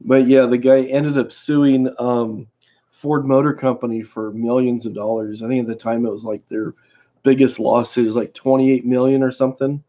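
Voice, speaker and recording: A man hosting a livestream, telling a story in a casual, rambling way with many halting restarts. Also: mid-range voice, little pitch movement, warm tone. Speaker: livestream host. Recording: dull lo-fi stream audio.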